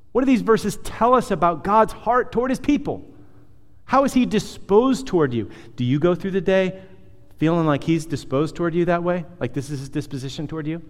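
A man preaching a sermon as pastor, animated and conversational, firing off rhetorical questions and dropping into softer asides. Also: on the high side. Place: church hall. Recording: long hall reverb.

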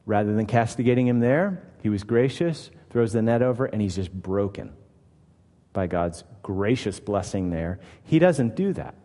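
A man's voice: medium pitch, big pitch swings, normal speed, dark tone, in a large hall. A man preaching a conversational, emphatic sermon, acting out the quoted lines as he reads. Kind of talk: expository sermon.

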